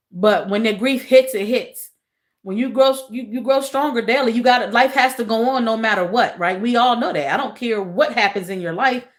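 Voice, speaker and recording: Woman, livestream host; casual chat with viewers, soft and emotional, repeats lines. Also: on the high side. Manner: repeats phrases, talks to chat as y'all.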